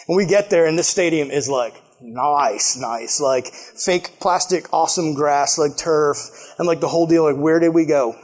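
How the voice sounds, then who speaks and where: A young man with a high, light voice gives a laid-back youth sermon. He tells the story in a loose, joking way and laughs at himself often. He talks like a casual storyteller at a church gathering. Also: moderate pace, hardly any pauses. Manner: animated, jokey, self-deprecating with frequent laughs. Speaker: youth pastor.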